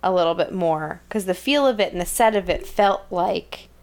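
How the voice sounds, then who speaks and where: A woman co-hosting a casual show chat, rambling and animated, leaning on "like" as she talks. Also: fairly low pitch, moderate pace. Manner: rambling, heavy use of "like", animated.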